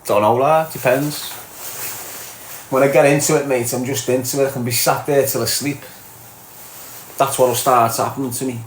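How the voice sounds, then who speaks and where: A man's voice: mid-range voice, fairly even intonation, moderate pace, pauses often, echoey room, slight background noise. A man with a Scouse accent hosting a casual livestream, greeting commenters by name in local slang. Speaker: livestream host reading chat comments. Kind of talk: casual live chat.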